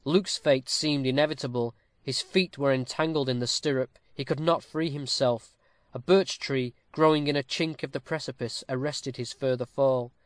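A man reading a classic novel aloud with a steady, formal storytelling cadence, close to the mic. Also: medium pitch, moderate pace, no room sound. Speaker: audiobook narrator. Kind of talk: scripted narration of a classic novel.

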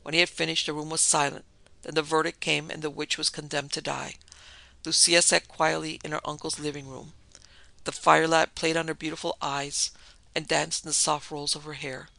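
A man narrating a story with a steady, dramatic reading. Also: on the high side, normal speed, gravelly, no echo.

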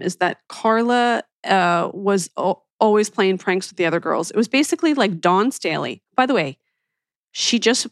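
A woman's voice: medium pitch, no room sound. Gushing woman podcast host, dry sound. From Philadelphia, US. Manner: gushing, enthusiastic, chatty. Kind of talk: casual chat recommending shows.

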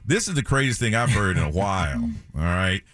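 A male radio host in casual studio chat, animated and quick to laugh. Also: sits low, dry recording, faint music behind. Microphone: studio broadcast mic.

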